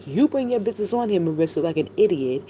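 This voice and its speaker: Middle-aged woman, low mellow voice, blunt gossipy livestream chat, lots of swearing. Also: lively intonation, quick pace, a little hiss or hum, low-quality recording. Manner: blunt, gossipy, heavy profanity. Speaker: streamer commenting on online drama.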